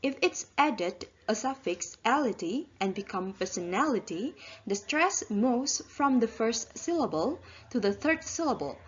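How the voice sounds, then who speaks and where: A woman's voice: a little high, muffled recording, a little hiss or hum. Indonesian student woman presenting a lesson. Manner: careful, spells out word parts. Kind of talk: reading a class presentation.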